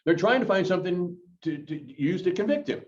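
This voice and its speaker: A male pastor teaches a Bible study to a live group in a church chapel. His voice rises and falls in an animated, conversational way, full of fillers. He sounds a bit far from the mic, and the sound is dull and muffled. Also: high-pitched, fairly quick. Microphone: corded mic, worn while moving about.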